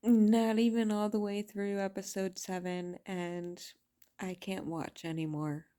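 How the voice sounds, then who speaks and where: A woman vents in a casual vlog, talking slowly and bluntly with plenty of swearing. Her voice is mellow and dark-toned, and her exasperation stays steady throughout. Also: mid-range voice. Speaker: video reviewer.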